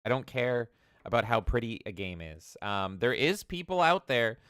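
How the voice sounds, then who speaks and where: Canadian man ranting, bright voice. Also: medium pitch, very animated, moderate pace, smooth, no echo, studio quality. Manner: ranting, sarcastic, swears freely. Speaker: podcast co-host. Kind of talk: casual chat.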